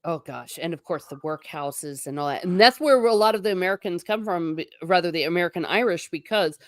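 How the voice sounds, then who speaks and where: Lower-voiced woman hosting a dry-sounding chat. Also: lively intonation, a little fast, no echo. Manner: affirming, encouraging listener. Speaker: host. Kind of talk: casual conversational history chat. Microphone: video call.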